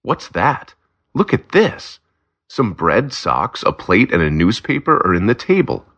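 A man's voice: lowish voice, very animated, unhurried, a bit bright, pitched above the performer's own voice, exaggerated voice. A man voicing a nervous small-time male thief who pleads in a whiny voice.

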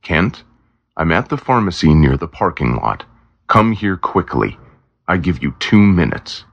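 Man reading as a quiet commanding crooked cop, husky gravelly voice, dull lo-fi audio. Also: low voice, big pitch swings, unhurried, heavily acted. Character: calm menacing corrupt male policeman. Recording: dull lo-fi recording.

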